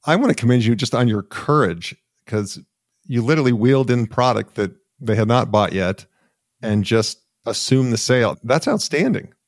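A man's voice: mid-range voice, animated, normal speed, no echo, clean studio sound. A man hosting a podcast, interviewing a guest in an encouraging and affirming way. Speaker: podcast host.

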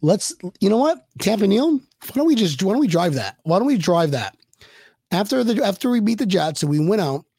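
Rowdy, high-voiced fan co-host. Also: male voice, sing-song, brisk, creaky, breathy edge, no echo, studio quality. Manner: rambling, loud bursts of laughter and yelling. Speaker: podcast co-host. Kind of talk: excited sports fan chat.

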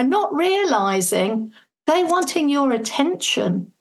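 A woman's voice: sits high, big pitch swings, unhurried, poor audio. A woman, a parenting coach speaking as a guest in a podcast interview, earnest and fluent, explaining with acted-out everyday examples. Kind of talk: conversational advice in a podcast interview.

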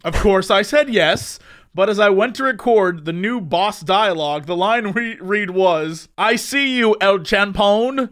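A young man co-hosting a podcast, telling a dream story in casual chat, animated and laughing often. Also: sits high, measured pace. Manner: animated, laughs often, shouts silly catchphrases. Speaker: podcast co-host.

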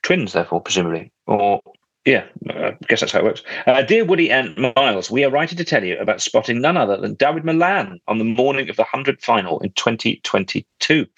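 A man's voice: mid-range voice, very animated, brisk, fairly bright tone, breathy edge, dry recording, lo-fi sound. A man hosting a casual podcast, reading out listener letters with a jokey, teasing manner. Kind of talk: casual chat.

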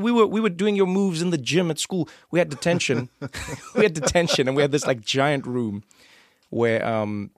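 A man with a South African accent, hosting a casual conversation and telling stories with lively acted-out quotes. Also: medium pitch, no room sound, clean studio sound. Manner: animated storyteller, acts out quoted voices. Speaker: podcast host.

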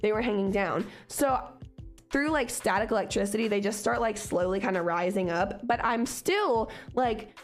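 A woman co-hosting a podcast, telling a story in a casual, animated, profane way. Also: mid-range voice, fairly quick, soft background music. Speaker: podcast co-host.

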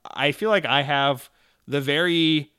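A man's voice: a little high, measured pace, bright, forceful tone, clear, resonant tone, no room sound. Man with a plain American accent, dry room. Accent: General American. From Georgia, USA. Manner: profane, rambling, sarcastic. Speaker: podcast host answering listener letters. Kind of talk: casual chat.

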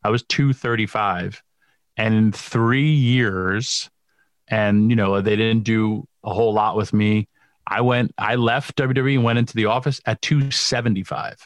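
Low, dry-sounding male podcast host. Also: measured pace, no room sound. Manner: relaxed, chatty, many fillers like "like". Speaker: podcast host, former wrestler. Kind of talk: casual chat.

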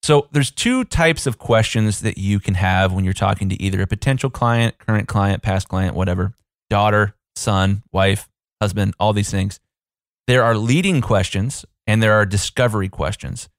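A man in his thirties, a business coach hosting a casual podcast, talking in a chatty, self-deprecating way with quick asides. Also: lowish voice, no room sound, clean studio sound.

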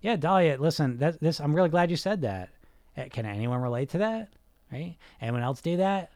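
A man's voice: on the high side, expressive, moderate pace, a little mellow, no echo. A man coaching a group on weight loss, blunt and emphatic, sometimes swearing, who keeps asking rhetorical questions.

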